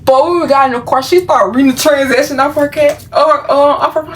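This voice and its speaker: A woman's voice: sits high, expressive, fairly quick, hardly any pauses, far from the mic, a little hiss or hum, rough recording. A woman from Memphis telling a casual storytime to her viewers, chatty and full of fillers. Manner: chatty, talks straight to viewers, many fillers. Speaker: vlogger.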